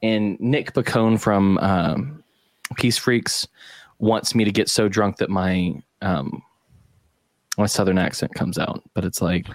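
A man's voice: lowish voice, takes it slowly, no echo, studio quality. A man hosting a podcast, telling rambling stories with plenty of swearing in casual chat. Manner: rambling, profane storytelling. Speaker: podcast host.

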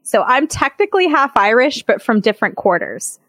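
A woman's voice: fairly high pitch, big pitch swings, a little fast, a bit bright, no echo. A woman co-hosting a podcast, chatty and explaining at length, laughing easily. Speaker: podcast co-host. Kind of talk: casual chat.

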